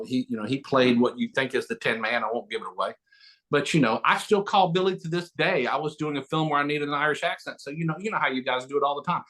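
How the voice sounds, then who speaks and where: A middle-aged man, an actor and auctioneer, telling quick, joking stories as an interview guest on a video call. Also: mid-range voice, a bit bright. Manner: fast, name-dropping, joking. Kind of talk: animated interview storytelling.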